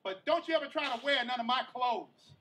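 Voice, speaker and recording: A man's voice: very high-pitched, animated, a little fast, pushed and bright, far from the mic, a little hiss or hum, pitched above the performer's own voice, full character voice. A man doing a sassy trash-talking auntie. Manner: sassy, scolding. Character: trash-talking auntie, bossy middle-aged woman.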